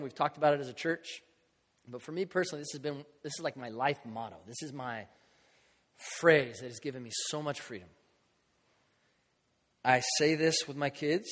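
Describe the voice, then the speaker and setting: Speaking briskly in a voice on the high side, a middle-aged man preaches in a chatty style, mimicking the people he quotes. He's a pastor, and the recording has a long hall reverb.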